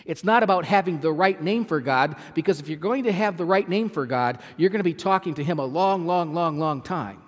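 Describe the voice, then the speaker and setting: A man preaching a sermon as pastor, emphatic, repeating phrases and swinging from loud to soft. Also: fairly high pitch, lively intonation, fairly quick, hardly any pauses, long reverb tail. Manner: emphatic, repeats phrases, swells and drops in volume.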